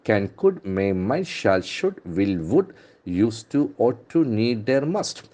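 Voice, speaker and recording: Here a man with an Indian English accent leads a newspaper-based pronunciation lesson, slowly drilling words and spelling them out letter by letter. The English trainer's voice is lowish, warm and very animated.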